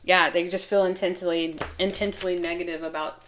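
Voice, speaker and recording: Chatty lower-voiced woman reading tarot. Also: little pitch movement, a little fast, a bit bright, slight background noise. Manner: chatty, laughing, self-interrupting. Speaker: tarot reader. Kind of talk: casual tarot reading to camera.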